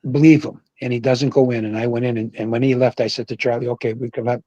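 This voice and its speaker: An older man, a former pro bowler, telling rambling, animated stories over a video call and shouting out the quoted lines. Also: mid-range voice, fast, dry recording, lo-fi sound. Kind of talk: casual storytelling on a livestream. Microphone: video call mic.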